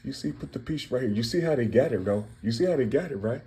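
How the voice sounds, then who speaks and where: Hidden codes in words are the topic as a Cincinnati, Ohio channel host preaches casually to his listeners, returning to the same phrases over and over. He's a fast talker with hardly any pauses, a medium-pitched dark voice, and lively intonation.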